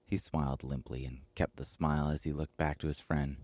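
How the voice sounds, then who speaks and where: A man hosting a podcast, reading a scripted story in a slow, measured way. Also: very deep voice, little pitch movement, darkish tone, no echo, clean studio sound. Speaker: podcast host and narrator.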